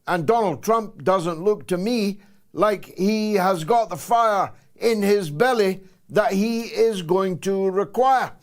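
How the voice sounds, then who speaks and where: A Scottish man in his sixties hosting a political talk show, delivering a sarcastic, emphatic monologue with dramatic pauses. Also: sits high. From Scotland. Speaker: host.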